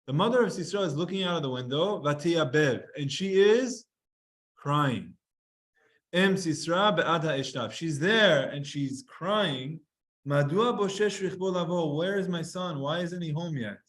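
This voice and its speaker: A man teaching a lively Gemara class to students, reading Hebrew lines aloud, translating them and acting out sighs and whimpers. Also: a little high, unhurried. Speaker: Talmud teacher.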